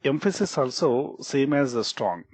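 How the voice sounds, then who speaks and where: In a screen-recorded coding tutorial, a man with an Indian English accent teaches programming at a moderate pace, his mid-range voice lively, a little mellow, and breathy, with no room sound. His explanations repeat key points, include restarted words, and are peppered with "okay" and "right?".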